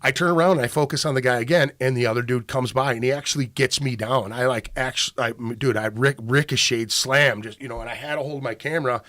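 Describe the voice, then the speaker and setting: Man, podcast host, animated profane storyteller, very dry close sound. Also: mid-range voice, fast talker, hardly any pauses, dry recording. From Minnesota. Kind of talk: casual chat.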